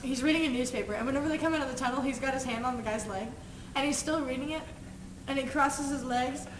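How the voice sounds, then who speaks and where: A woman's voice: high-pitched, fast talker, recorded from a distance. A young woman casually retelling a movie scene to friends, rambling with lots of "like" and frequent giggles. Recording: echoey room with noise.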